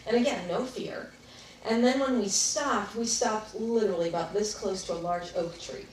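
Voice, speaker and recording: A woman speaker telling a personal story to an audience, reflective and at times animated. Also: mid-range voice, normal speed, slight background noise. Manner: reflective, animated in parts, laughs while telling. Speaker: workshop speaker. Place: large room with a live audience. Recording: echoey room, picked up from a distance.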